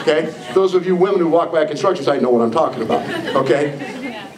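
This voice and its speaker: A man's voice: fairly high pitch, lively intonation, brisk, crowd noise. An older man giving an emphatic, preachy leadership training talk to a live audience, acting out the voices he quotes. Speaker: motivational speaker. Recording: echoey hall, far from mic, faint noise.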